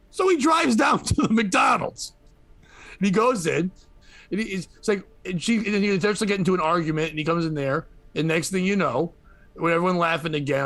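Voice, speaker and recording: A podcast host with a slightly high, fairly bright voice recounts a news story for laughs, swearing freely and playing out the people involved. The recording is dry and close, with no room sound.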